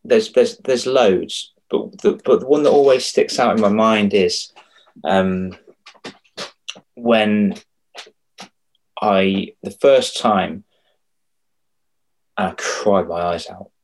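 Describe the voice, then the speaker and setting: A man with a lowish voice talks as a podcast guest. He tells his stories with feeling and animation, often restarting his sentences. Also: slow pace, long pauses. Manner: emotional, animated storytelling with many restarts. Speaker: confidence coach guest. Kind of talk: casual podcast interview.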